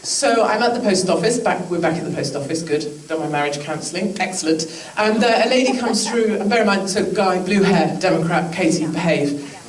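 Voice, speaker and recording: A woman's voice: on the low side, animated, a little fast. A woman with a British accent gives a chatty, joking speech to a live audience. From England. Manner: chatty, joking asides, acted quotes. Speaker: political speaker. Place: large indoor venue with an audience. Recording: echoey room from far off, crowd noise.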